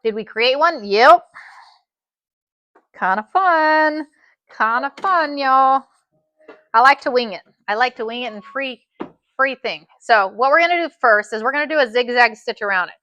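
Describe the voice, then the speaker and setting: A woman's voice: sits high, lively intonation, moderate pace, long pauses, sharp tone, no room sound, highs cut off. A woman teaching a live sewing tutorial, chatty and folksy, often saying "y'all.". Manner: chatty, says "y'all" a lot. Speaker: sewing instructor.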